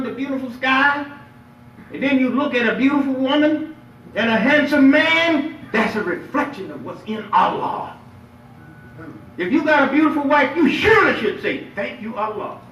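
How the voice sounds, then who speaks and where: A man preaching a lively Friday sermon as imam, playful and emphatic, drawing responses from the congregation. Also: extremely high pitch, a little hiss or hum. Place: mosque prayer hall. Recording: echoey hall, picked up from far off.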